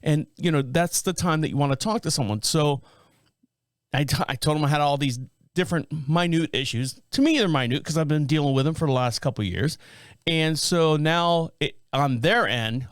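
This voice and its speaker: A middle-aged man hosts his podcast in a casual, rambling monologue. He circles back, restarts his sentences and leans on fillers. His voice sits a little high and sounds dry and close on the microphone. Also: normal speed, clear, resonant tone, no room sound. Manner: rambling, full of fillers and restarts, self-described scatterbrained. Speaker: podcast host.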